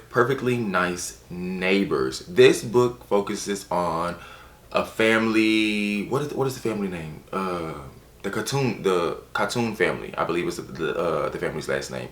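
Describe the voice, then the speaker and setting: A man casually reviewing books on his channel, chatty and animated, with playful asides. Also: sits low, normal speed, reverberant, a little hiss or hum. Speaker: book reviewer. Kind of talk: casual book review vlog.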